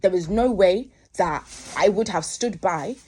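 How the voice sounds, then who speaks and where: A woman's voice: mid-range voice, a little slow, a little mellow, slightly rough. A young woman, hosting a podcast and telling a story in a casual, emphatic way, repeating herself for emphasis. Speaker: podcast host.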